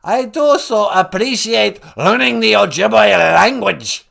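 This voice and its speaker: A man's voice: high voice, lively intonation, slow pace, vocal fry, fairly bright tone, voice pushed up, full character voice. A man voicing a polite, eager woman guest who gushes over what she learns. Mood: gushing, polite.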